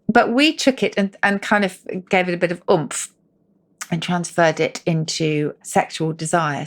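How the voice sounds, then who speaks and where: A middle-aged woman co-hosting a casual podcast, explaining where words come from with lively asides. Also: low voice. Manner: animated, explains word origins with asides. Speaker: co-host.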